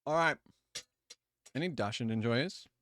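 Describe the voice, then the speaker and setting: A man hosting a live stream, chatting casually and easygoing with viewers, with quick asides and apologies. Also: mid-range voice, expressive, fairly bright tone. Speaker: livestream host.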